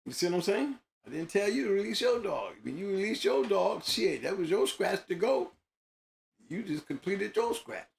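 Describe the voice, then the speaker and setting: A man's voice: high-pitched, very animated, moderate pace, vocal fry. A man hosting a show, talking casually in an emphatic, slangy way, often repeating himself. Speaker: host. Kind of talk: casual monologue.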